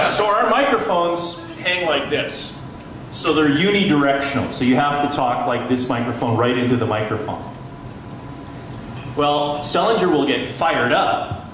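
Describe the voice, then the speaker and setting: A middle-aged radio journalist telling anecdotes on a panel, chatty, laughing often and restarting his sentences. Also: mid-range voice. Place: panel discussion in a large echoey room. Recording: echoey hall from far off, noisy.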